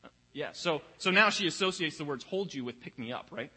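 Bright-voiced pastor in a reverberant hall. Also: male voice, on the high side, lively intonation, a little fast, breathy edge. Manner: conversational, storytelling, repeats words while finding his place. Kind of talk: sermon. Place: church sanctuary. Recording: long reverb of a large hall.

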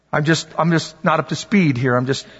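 A man with a high voice preaches to his congregation, animated and conversational, repeating phrases and tossing asides to listeners. His voice rings through a large hall with a long reverb, and the sound is somewhat dull. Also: slight background noise. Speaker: pastor. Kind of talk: sermon.

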